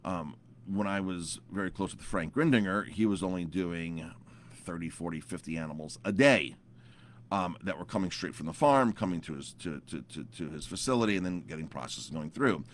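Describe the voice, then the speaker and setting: A man's voice: low-pitched, normal speed. A man in his thirties, a chef, telling a story to camera in a casual, rambling way with lots of repeated words and fillers.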